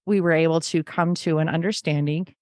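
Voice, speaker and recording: Low-voiced earnest woman guest. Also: fairly even intonation, brisk, a little mellow, no echo, clean studio sound. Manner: earnest, acts out remembered dialogue. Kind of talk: conversational interview.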